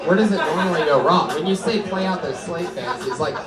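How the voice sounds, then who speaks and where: A man's voice: fairly high pitch, quick pace. A man hosting a live comedy podcast, interviewing a comedian on stage and teasing her with questions between laughs. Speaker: host. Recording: echoey live venue, mic far, loud crowd.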